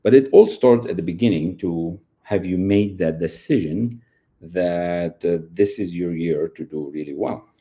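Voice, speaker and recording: Low, dark-voiced motivational speaker. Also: male voice, measured pace. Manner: earnest, repetitive, addresses listener directly. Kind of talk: motivational talk.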